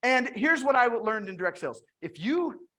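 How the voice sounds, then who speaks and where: Energetic woman sales trainer telling stories. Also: on the high side, moderate pace. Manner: energetic storytelling with frequent restarts. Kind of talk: motivational sales talk with retold conversations.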